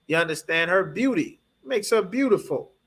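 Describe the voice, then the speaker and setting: A man's voice: high-pitched, animated, normal speed, a bit bright, breathy edge. Emphatic male scripture teacher. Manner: emphatic, keeps asking "you understand?". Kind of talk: preaching scripture lesson.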